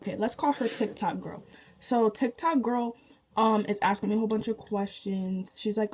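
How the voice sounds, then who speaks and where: A young woman tells a personal story straight to her viewers. She is animated and chatty, laughing often and jumping high in pitch with disbelief. Her voice sits at an ordinary middle pitch. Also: moderate pace, rough recording. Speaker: vlogger. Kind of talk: casual storytime.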